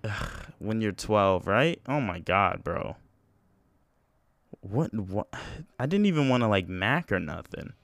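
A man's voice: lowish voice, animated, takes it slowly, long pauses, no echo. A young man hosting a casual solo podcast, telling a story in a rambling, self-mocking way with lots of slang. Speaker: podcast host.

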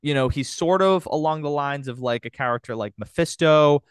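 Male podcast host, rambling fan chat, smooth and dry. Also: fairly high pitch, normal speed, dry recording. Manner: enthusiastic, rambling with many fillers. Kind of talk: casual chat.

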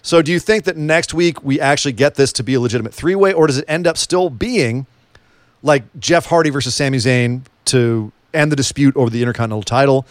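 On a dry recording, this wrestling podcast co-host speaks quickly in a mid-range voice. His manner is chatty and joking, and he keeps asking lots of questions.

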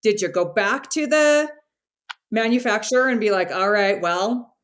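A woman's voice: medium pitch, moderate pace. A woman hosting a podcast, chatting casually and eagerly affirming her guest. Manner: enthusiastic, affirming interviewer. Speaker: podcast host. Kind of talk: casual interview chat.

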